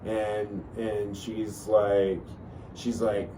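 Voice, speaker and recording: A podcast host tells a long personal story casually and ramblingly, packed with fillers and restarts. His voice is on the low side, unhurried and a little mellow, picked up by a distant mic with faint noise.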